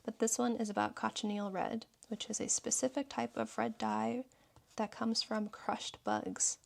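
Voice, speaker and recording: A woman with a gravelly, creaky edge to her voice flips through her journal. She talks about each page in a relaxed, thoughtful way and stops now and then to read a quote aloud. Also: fairly high pitch, unhurried. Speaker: journaling YouTuber. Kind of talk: casual journal flip-through narration.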